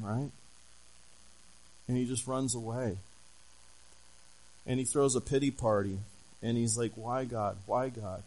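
Male pastor, middle pitch, animated storytelling sermon full of questions to the congregation. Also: low-quality recording.

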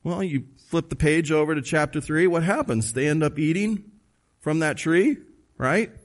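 Man, pastor, sermon, emphatic, conversational, rhetorical questions, somewhat higher voice. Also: expressive, normal speed.

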